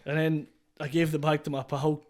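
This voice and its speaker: A man's voice: a little high, little pitch movement, normal speed, a little mellow. A Scottish man from Falkirk, a DJ guest telling sweary stories in casual podcast chat. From Scotland. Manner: sweary, laughing storyteller.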